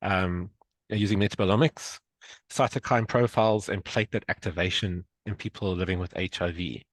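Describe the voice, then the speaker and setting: A low-voiced man from South Africa introduces a speaker on a video call. His manner is relaxed and chatty, and he fumbles a little along the way. The sound is dry and close. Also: brisk, no room sound, rough recording. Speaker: journal club host. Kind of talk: casual introduction.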